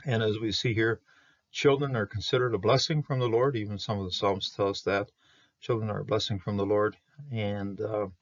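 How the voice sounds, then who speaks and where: A man with a low, gravelly voice walks through Hebrew grammar verse by verse, halting often with fillers and restarts. The recording is dry and muffled, with a dull top end. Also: no room sound. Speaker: Bible Hebrew teacher.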